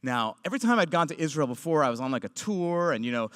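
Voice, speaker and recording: A man performing stand-up comedy, animated and swinging between loud punch lines and quiet asides. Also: fairly high pitch, fast talker, clear, resonant tone, no echo, clean studio sound.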